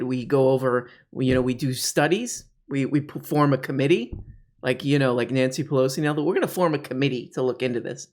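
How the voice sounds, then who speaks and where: A man's voice: lively intonation, a little fast. Sarcastic man rambling through satirical commentary. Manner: sarcastic, rambling, with shrill mock outbursts. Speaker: comedy commentary host.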